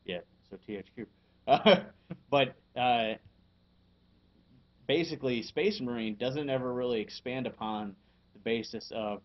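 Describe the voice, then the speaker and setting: A man in a casual podcast chat, reviewing a game at a middling pitch. He keeps stopping on fillers and chuckling between points. The recording sounds dull and lo-fi. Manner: halting, filler-heavy, chuckles often.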